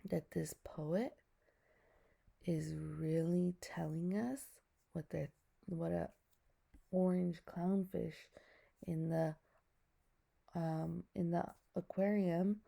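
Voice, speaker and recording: A woman's voice: lowish voice, gravelly, dark tone, breathy edge. A woman teacher giving a recorded lesson to her students, explaining patiently step by step and asking them questions.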